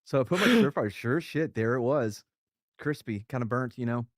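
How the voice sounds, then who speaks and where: Animated, profane male war storyteller. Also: mid-range voice, fairly quick, no echo. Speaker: co-host, veteran. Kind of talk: casual storytelling chat.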